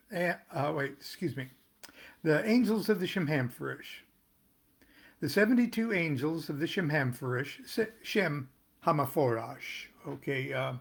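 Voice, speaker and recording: An older American man reading aloud from his own tarot booklet, pausing to explain terms and make small jokes. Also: a little high, creaky. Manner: unhurried, stops to explain and joke. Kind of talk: casual reading with asides.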